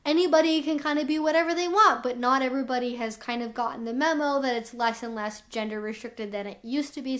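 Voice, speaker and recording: A young woman with a high, somewhat bright voice vlogs to camera in her role as an educator. She explains things openly, with "like" cropping up constantly.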